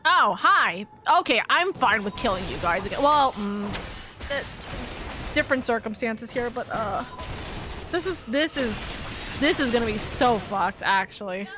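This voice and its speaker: A woman's voice: on the high side, expressive, measured pace, music in the background. A young woman streamer chatting casually while playing a game; she swears a lot and her voice jumps up when she gets upset. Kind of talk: casual gameplay chat.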